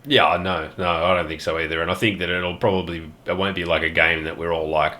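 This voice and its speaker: An Australian man hosting a casual gaming podcast, sweary and quick to laugh. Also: low voice, steady tone. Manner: sweary, laughs often, trails off softly. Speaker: podcast host.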